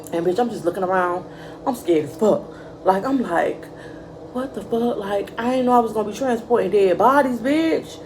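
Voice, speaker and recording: Young woman, vlogger, casual storytime, curses freely, talks to viewers as y'all, raspy vocal fry, faint hum behind. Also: mid-range voice, rough recording. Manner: profane, animated, addresses viewers as y'all.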